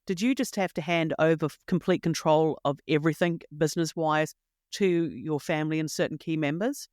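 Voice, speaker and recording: A male host asks measured, probing interview questions in a smooth, clear voice. His voice sits somewhat high for a man, recorded dry and close. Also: steady tone, darkish tone, no echo.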